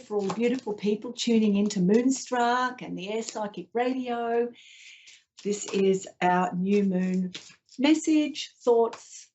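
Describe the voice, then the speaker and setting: A woman's voice: medium pitch, a little mellow, lo-fi sound, a little hiss or hum. A woman hosting a psychic radio show, talking in a chatty, meandering way with many restarts. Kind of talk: spiritual talk show monologue.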